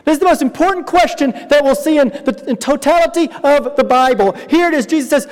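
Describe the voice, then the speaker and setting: A man's voice: extremely high pitch, fairly quick, hardly any pauses. A male pastor preaching a sermon in a church, explaining emphatically and speaking directly to the congregation. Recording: reverberant hall.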